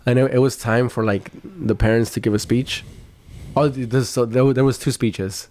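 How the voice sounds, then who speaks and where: A man's voice: mid-range voice, steady tone, moderate pace, a little mellow. A man co-hosting a podcast in casual chat, rambling through stories with lots of "like". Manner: rambling storyteller, lots of fillers. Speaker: podcast co-host.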